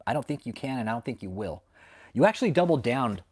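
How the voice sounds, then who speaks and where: Speaking quickly in a mid-range, slightly mellow and husky voice with a sing-song lilt, this American host of a cult-leader exposé channel rants angrily from home. His commentary is profane and confrontational and keeps repeating itself, and dogs can be heard barking close by.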